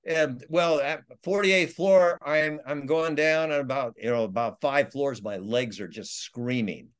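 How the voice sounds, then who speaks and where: A man, an author, telling a dramatic travel story in a podcast interview, halting with restarts and chuckles. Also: medium pitch, clear, resonant tone. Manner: halting, many restarts and laughs, acts out quotes. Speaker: author and guest.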